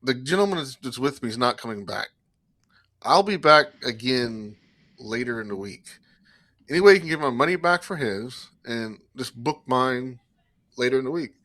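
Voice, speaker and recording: Animated storytelling man from South Carolina. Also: medium pitch, normal speed, no echo. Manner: animated storyteller acting out both sides of dialogue. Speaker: podcast co-host. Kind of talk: casual chat.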